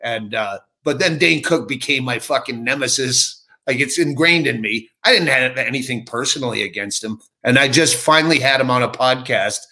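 A man's voice: mid-range voice, normal speed, few pauses. A middle-aged man, a comedian, telling profane stories in a casual podcast interview. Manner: profane, animated anecdotes. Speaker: comedian guest.

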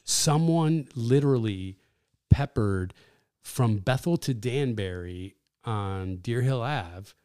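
A man's voice: mid-range voice, lively intonation, takes it slowly, a little mellow, smooth, no room sound, studio quality. A man retelling what his brother said on the phone, in an urgent reporting tone. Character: worried adult brother on the phone.

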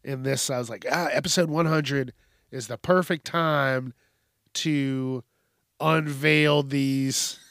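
A man's voice: mid-range voice, steady tone, takes it slowly, a bit bright, dry recording, studio quality. A man hosting his own podcast, ranting in a blunt, profane, rambling way. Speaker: podcast host. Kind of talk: casual monologue.

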